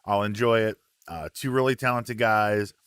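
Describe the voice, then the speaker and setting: A man hosting a relaxed live wrestling chat, reading out viewer comments with plenty of ums and uhs. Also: fairly low pitch, moderate pace, clean tone, no echo, clean studio sound.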